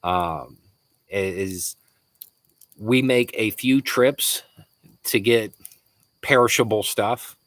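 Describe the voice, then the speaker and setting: A man's voice: fairly low pitch, very slow, long pauses, fairly bright tone, no room sound. A man from Florida with a Southern accent hosting a casual live Q&A, answering viewer messages with frequent chuckles and hesitant restarts. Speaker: livestream host.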